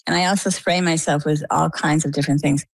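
A woman from Maine, an interview guest, telling a personal story with lively storytelling and acted-out dialogue. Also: sits low, fast talker, no echo, low-quality recording. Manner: animated storytelling, acts out quoted dialogue.

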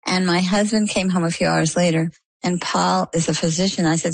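A woman's voice: lowish voice, brisk, gravelly, slightly rough, dry recording, low-quality recording. A middle-aged woman from Maine being interviewed, telling a personal story and acting out what people said to her. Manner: animated storyteller, acts out quoted dialogue. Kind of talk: conversational storytelling.

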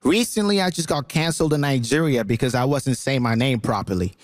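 A man raised in Canada arguing a comic debate point, animated and laughing as he talks. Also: mid-range voice, fairly quick, no room sound, studio quality. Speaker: comedian debater. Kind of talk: stand-up argument.

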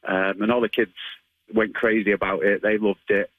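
A low-pitched man, talking as an interview guest. He is friendly and rambles, full of ums and restarts. The sound is dry and close. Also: level tone, moderate pace, no echo, narrow, tinny audio. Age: 30s. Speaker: martial arts instructor, interview guest. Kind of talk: casual phone interview.

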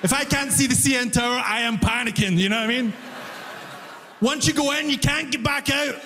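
A man who moved to Canada, performing animated stand-up and shouting his punchlines before a live audience. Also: very high voice, a little fast, a little hiss or hum. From immigrant to Canada. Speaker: stand-up comedian. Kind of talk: stand-up comedy storytelling. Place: comedy club stage before a live audience. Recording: live room with reverb and faint ambience.

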